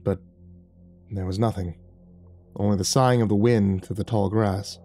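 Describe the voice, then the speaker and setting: Deep-voiced man narrating horror. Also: fairly even intonation, normal speed, warm tone, faint music behind. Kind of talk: scripted narration.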